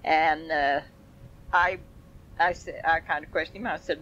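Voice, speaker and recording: A woman's voice: low voice, steady tone, unhurried, a bit bright, muffled recording, a little hiss or hum. An older woman telling family stories in a folksy, rambling way with chuckles. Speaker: family storyteller. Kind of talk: oral history reminiscence.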